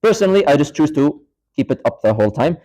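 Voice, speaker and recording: A man's voice: fairly high pitch, big pitch swings, quick pace, mellow, poor audio. A man teaching a live class in a mosque, casually walking students through a prayer demonstration and quizzing them as he goes. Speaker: Islamic studies teacher.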